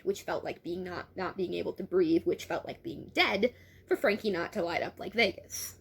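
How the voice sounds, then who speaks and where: A woman's voice: medium pitch, creaky, husky. A young woman reading a novel aloud and commenting on it, chatty and wry, often stumbling and correcting herself. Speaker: book reader and reviewer. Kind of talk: casual read-aloud with asides.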